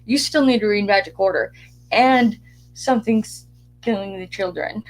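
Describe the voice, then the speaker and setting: A woman from Utah co-hosting a casual streamed chat, chatty and upbeat with quick asides. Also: mid-range voice, low-quality recording. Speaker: podcast co-host.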